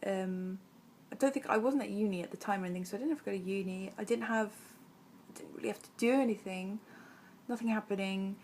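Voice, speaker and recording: Young woman vlogging, casual rambling storytelling, lots of likes and ums, mid pitch. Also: fast talker, a little mellow, a little hiss or hum. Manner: chatty and rambling, full of "like" and "um".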